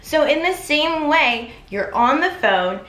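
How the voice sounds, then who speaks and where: A woman's voice: high-pitched, expressive, takes it slowly, fairly bright tone. A woman coaching viewers in an instructional vlog, upbeat and encouraging, speaking straight to her audience. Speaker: manifestation coach. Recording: echoey room.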